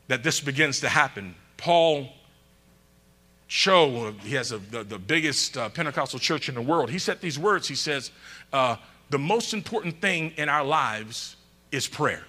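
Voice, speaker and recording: A man pastor preaching a sermon, calling out to the congregation and swinging between loud bursts and quiet asides. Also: a little high.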